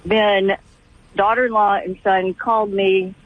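A middle-aged woman calling in to a radio show, telling a family story in halting, restarting sentences. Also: mid-range voice, flat delivery, dry recording. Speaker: caller. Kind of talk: call-in radio conversation. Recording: tinny phone line, dry.

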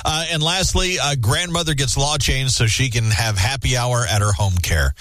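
A man's voice: medium pitch, normal speed, a bit bright, no room sound. A man hosting a radio show, reading odd news stories aloud and chatting about them with small stumbles. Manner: reads stories, then banters with fillers. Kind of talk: casual radio news chat.

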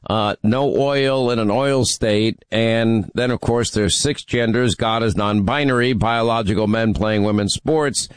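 A man's voice: lowish voice, steady tone, a little slow, hardly any pauses, clear, resonant tone, no room sound. A middle-aged man hosting a talk radio call-in show, speaking in an emphatic, teasing, rallying way. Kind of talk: talk radio, taking calls.

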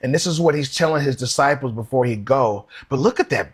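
A man's voice: mid-range voice, a little fast, slightly rough. A man preaching a sermon. He reads Bible verses aloud and asks his listeners questions. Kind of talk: sermon with scripture reading.

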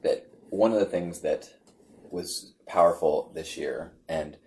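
A man's voice: sits low, slow, a little hiss or hum. A man in casual conversation, telling a story with many restarts and acting out what others said. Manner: rambling, animated storytelling with restarts and acted-out quotes. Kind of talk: casual conversation among friends.

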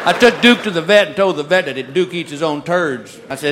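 A man doing stand-up comedy with dry, deadpan storytelling. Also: a little high, brisk. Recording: live club, crowd and noise.

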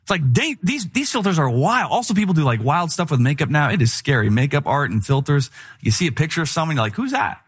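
Man preaching with slightly higher pitch. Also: fast, slightly rough. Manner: animated and candid, with humorous asides. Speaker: pastor. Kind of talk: conversational sermon.

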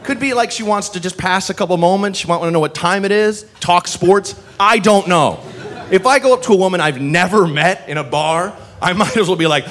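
Man, stand-up comic, high voice, casual rambling delivery, faint background noise. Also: a little fast, fairly bright tone. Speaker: stand-up comedian. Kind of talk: stand-up comedy set.

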